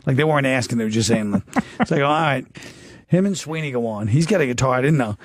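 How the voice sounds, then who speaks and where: A man's voice: medium pitch, animated, fast talker, dry recording. A man from New York with a New York accent, a guest comedian in casual chat, rambling through anecdotes and acting out what people said. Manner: rambling anecdotes with acted-out quotes.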